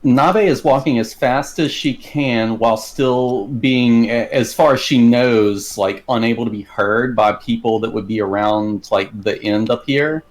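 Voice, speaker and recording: A man with a middle-pitched voice playing a tabletop role-playing game. He chats casually, filling his speech with lots of filler words as he describes his character's careful moves. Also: measured pace, few pauses. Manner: chatty, many likes, narrates his character in third person. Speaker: player. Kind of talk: casual tabletop gaming chat.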